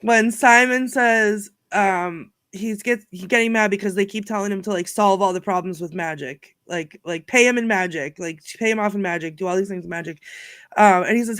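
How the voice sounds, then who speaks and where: A woman's voice: medium pitch, normal speed, dry recording. Woman on a movie podcast, chatty, laughs a lot, retells scenes, dry close sound. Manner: animated storyteller, laughs often. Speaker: podcast co-host. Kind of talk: casual chat about a film.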